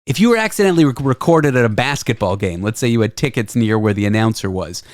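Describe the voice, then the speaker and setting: A man's voice: mid-range voice, fast, no echo. A man hosting a radio talk show in a casual, jokey chat. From Canada. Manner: lively and chatty, jokey. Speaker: radio host. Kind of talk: casual conversation.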